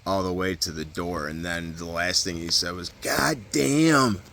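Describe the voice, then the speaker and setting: A man's voice: sits low, level tone, normal speed, sharp tone, slight background noise. A man telling a story from prison in a casual, rambling way, full of fillers, restarts and swearing. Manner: rambling, heavy fillers and profanity, frequent restarts. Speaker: vlogger recounting prison stories.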